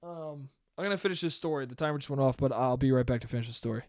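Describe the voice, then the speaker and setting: A young man hosting a podcast, telling a story in a loose, animated way, swearing freely and acting out what people said. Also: medium pitch, racing, no room sound. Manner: animated, swears often, acts out quotes. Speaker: podcast host. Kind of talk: casual storytelling monologue.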